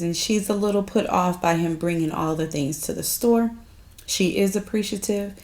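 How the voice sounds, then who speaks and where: A woman's voice: mid-range voice, darkish tone. A woman, chatting casually to viewers as she recaps a TV episode, often laughing and calling them y'all. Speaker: recap host.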